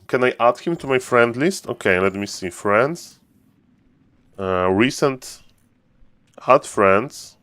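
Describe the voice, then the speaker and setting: A man streaming a strategy game, giving excitable casual commentary and repeating himself playfully. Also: on the low side, smooth, dry recording.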